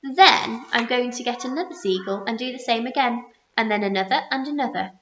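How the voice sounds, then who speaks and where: A woman voicing an earnest, resourceful young boy who calmly explains his plan in a storybook reading. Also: fairly high pitch, brisk, background noise. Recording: roomy muffled recording.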